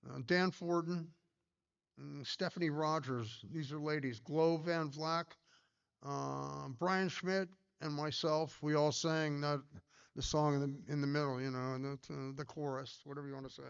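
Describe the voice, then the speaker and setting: An older man tells stories at a conference talk, his voice gravelly yet smooth and resonant. He rambles, restarts and fills pauses with ums and uhs. The recording is dull and lo-fi. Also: on the high side, fairly even intonation. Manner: rambling, anecdotal, many fillers and restarts. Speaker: pinball designer giving a talk.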